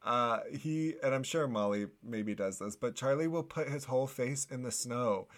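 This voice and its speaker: A young man co-hosting a podcast in a loose, rambling way, full of fillers and self-deprecating laughs. He speaks at an ordinary pitch. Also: moderate pace. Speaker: podcast co-host. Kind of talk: casual chat.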